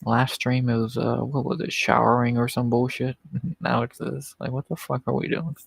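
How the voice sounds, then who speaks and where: A man's voice: mid-range voice, little pitch movement, moderate pace, vocal fry, breathy edge, dry recording, rough recording. A man hosting a livestream in casual, profane, rambling chat, chuckling often. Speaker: livestream host.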